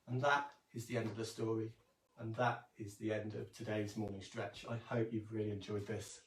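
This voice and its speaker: A man leads a calm, gentle yoga and breathing session, talking through each stretch and reading a story in between. He sits back from the camera mic, so his voice comes across distant in an echoey room. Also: fairly low pitch, normal speed. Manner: calm, gentle instructions with soft hums. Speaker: yoga teacher. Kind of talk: guided kids' yoga and storytelling.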